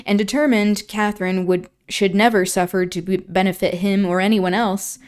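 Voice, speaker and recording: A woman hosting a livestream, reading a classic novel aloud in steady narration with casual asides. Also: medium pitch, normal speed, clean tone. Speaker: streamer and host.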